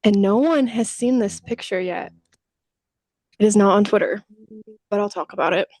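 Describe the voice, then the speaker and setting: A young woman co-hosts a casual podcast, rattling through stories and slipping into quick impressions of what people said. She swears freely and keeps it loose. Her mid-range voice sits close and dry, with no room sound. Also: mid-range voice, darkish tone, no room sound. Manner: chatty storytelling, casual swearing, acts out quotes. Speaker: podcast co-host. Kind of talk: casual chat.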